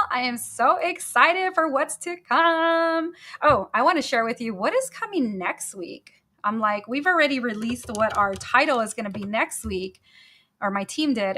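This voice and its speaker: A woman's voice: a little high, pushed and bright. A woman hosting a motivational podcast on her own, talking energetically and emphatically and repeating her key phrases. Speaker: podcast host. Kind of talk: motivational solo talk.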